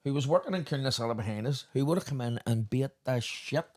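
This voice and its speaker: A man with a Northern Irish accent telling swearing, animated stories in a casual podcast chat. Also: medium pitch, fairly quick. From Northern Ireland. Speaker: podcast host.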